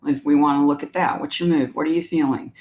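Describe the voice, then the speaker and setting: A woman's voice: low voice, steady tone, fast, darkish tone. A woman with a Southern US accent hosts a live stream. She talks in a chatty, meandering way, reads viewer comments aloud and wanders into everyday stories. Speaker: animal communicator hosting a live stream. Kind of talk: casual live-stream talk.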